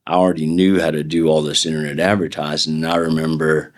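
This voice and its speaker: Man, middle-aged, very low voice, interview guest, rambling anecdotes, acted-out quotes. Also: little pitch movement, fast. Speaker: podcast guest, defense attorney. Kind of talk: casual interview storytelling.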